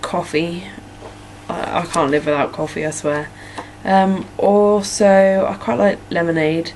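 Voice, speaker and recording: A young vlogger from Norfolk, England, answers her followers in a chatty, meandering way, with many "like" and "um" fillers and an English accent. Her lowish voice is a little mellow, steady in tone, and a bit slow. The poor audio has a little hiss or hum.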